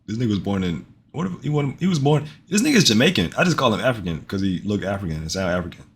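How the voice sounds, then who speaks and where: Laid-back joking streamer man, low voice. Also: sing-song, fast. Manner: loose, joking and profane, repeats himself. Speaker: streamer reacting to a video. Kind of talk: casual live-stream commentary.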